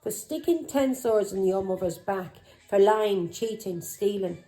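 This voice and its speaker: A woman's voice: medium pitch, lively intonation, a little slow, mellow, low-quality recording. A middle-aged woman, a tarot reader who talks in an angry, accusing way, swearing and firing taunting questions. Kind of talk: tarot reading vlog.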